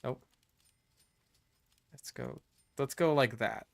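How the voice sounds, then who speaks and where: A man's voice: mid-range voice, slow, vocal fry. A young American man giving casual gameplay commentary, muttering and swearing to himself as he plays. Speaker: gaming streamer.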